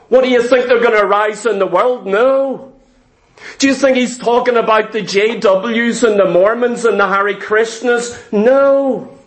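A man preaching a sermon, emphatic and deliberate, repeating phrases for stress. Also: extremely high pitch, poor audio. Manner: slow, deliberate delivery.

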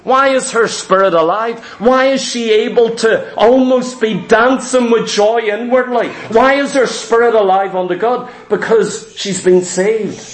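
A man's voice: extremely high pitch, a little slow, hardly any pauses. A man preaching a sermon in a church hall, emphatic and repetitive, full of rhetorical questions. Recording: roomy echo.

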